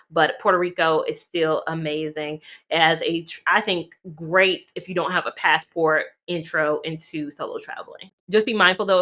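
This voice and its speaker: A woman from North Carolina chatting casually to camera as a travel vlogger, animated and talking straight to her viewers. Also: sits low. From North Carolina, USA.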